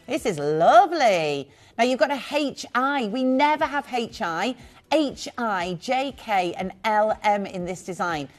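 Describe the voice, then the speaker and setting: A woman presenting live jewellery sales on a shopping channel, chatty and gushing with quick asides. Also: on the high side, soft background music.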